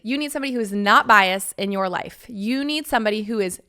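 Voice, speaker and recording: Candid and chatty, this solo podcast host in her thirties swears casually now and then and performs the voices of friends she quotes. She talks fast with few pauses, in a medium-pitched voice that is smooth yet sharp in tone.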